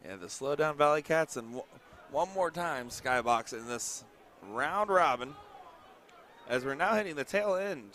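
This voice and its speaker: A man's voice: on the high side, lively intonation, measured pace, a bit bright, a faint crowd. A man doing live darts commentary with a jokey, bantering, self-mocking manner, calling the match from a casino event hall.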